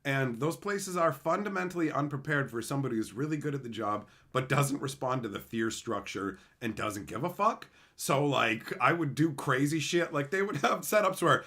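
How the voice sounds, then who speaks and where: A man on a live stream, swapping stories with his viewers in a blunt, foul-mouthed way. His voice is bright and forward, and his pitch jumps around a lot. He laughs easily as he acts out the people in his stories. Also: expressive, fairly quick. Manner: profane, blunt, laughing storyteller who acts out quoted people. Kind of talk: casual live-stream chat, storytelling.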